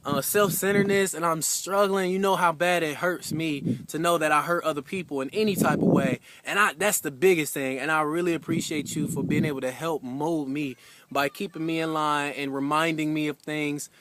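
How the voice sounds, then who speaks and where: A young man giving a heartfelt anniversary message to his wife, telling a story casually with lots of fillers and animated retellings. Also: on the high side, moderate pace, slight background noise.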